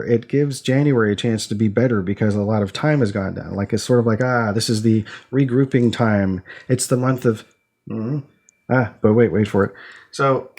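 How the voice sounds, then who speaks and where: A man's voice: mid-range voice, a little mellow. Rambling man chatting on a podcast. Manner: rambling, full of restarts and fillers; explains by asking his co-host quiz questions. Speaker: podcast co-host. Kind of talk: casual podcast chat.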